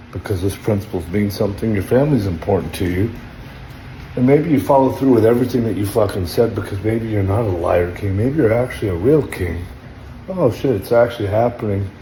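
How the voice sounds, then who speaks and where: A man's voice: brisk, slight background noise. Sleepless man rambling in echoey room. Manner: rambling, drifting between low mutters and sudden loud outbursts. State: sleepless, up all night. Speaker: social media personality. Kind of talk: rambling late-night selfie video. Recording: roomy echoey room, faint ambience.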